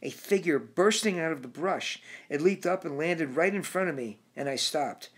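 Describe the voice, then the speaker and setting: A man narrating his own book in a measured reading voice with occasional restarts. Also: fairly high pitch, slightly rough. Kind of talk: audiobook narration.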